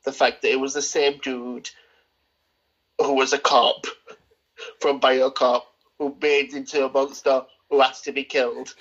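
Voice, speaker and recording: A man's voice: medium pitch, flat delivery, unhurried, pauses often, a bit bright. A man co-hosting a casual film review podcast, rambling and opinionated, with plenty of hesitations. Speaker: podcast co-host. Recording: dull lo-fi sound.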